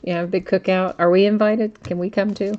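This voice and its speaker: A woman's voice: medium pitch, level tone, a little fast, dull audio, heavy background noise. A woman hosting a live card break stream, chatting casually with viewers, greeting them by name and laughing easily.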